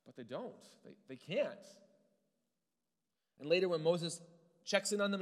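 A man's voice: a little high, fairly bright tone, big-room sound. A male pastor giving an earnest, conversational sermon, restarting words now and then.

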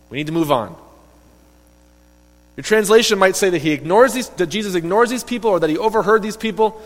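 A man preaching a sermon, retelling a story in a lively, emphatic way and voicing the quoted characters. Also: on the high side, fast. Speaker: pastor. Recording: long reverb of a hall.

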